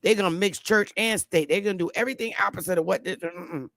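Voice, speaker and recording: Woman host, from New England, blunt profane livestream rant, gravelly and dry. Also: fairly low pitch, quick pace, dry recording. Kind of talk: impassioned livestream monologue.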